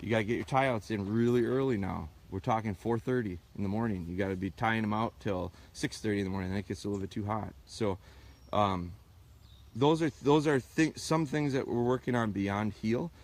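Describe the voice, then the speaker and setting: A man's voice: on the low side, fairly quick, darkish tone. Casual outdoor dog trainer man. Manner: casual, repeats himself, imitates whistle blasts. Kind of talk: live-streamed training talk, answering viewer questions. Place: outdoors with his dogs.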